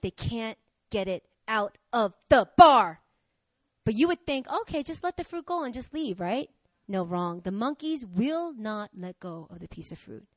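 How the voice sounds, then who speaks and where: A young woman preaches a sermon in a conversational, energetic style, swinging between loud exhortation and quiet asides. Her pitch is fairly high, and there's no echo.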